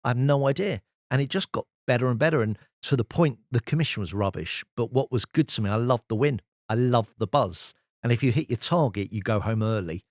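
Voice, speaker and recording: A man, a sales expert guest telling lively anecdotes in an interview. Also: medium pitch, fairly quick, hardly any pauses, no echo, studio quality. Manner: lively storyteller, animated anecdotes. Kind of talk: casual storytelling interview.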